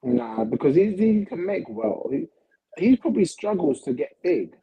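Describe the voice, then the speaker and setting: A man's voice: high-pitched, lively intonation, normal speed, mellow, breathy edge, no room sound, lo-fi sound. A man co-hosting a casual boxing livestream, giving brief, hesitant replies.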